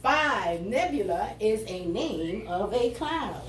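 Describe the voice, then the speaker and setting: Slow, roomy-sounding woman teacher. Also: medium pitch, recorded from a distance, a little hiss or hum. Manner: reads riddles aloud with animated emphasis. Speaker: third grade teacher. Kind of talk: classroom lesson. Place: classroom. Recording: roomy sound from away from the mic, faint ambience.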